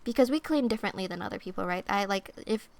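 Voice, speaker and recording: A young woman streamer giving oracle card readings in soft-spoken ASMR chat, casual and rambling with lots of fillers and playful asides. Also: mid-range voice, expressive, fast talker, gravelly. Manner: playful, silly wordplay.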